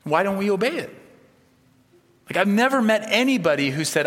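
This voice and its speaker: Male pastor, sermon delivery, conversational with humor, soft-to-emphatic swings, long hall reverb. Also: high voice, lively intonation, moderate pace, long pauses.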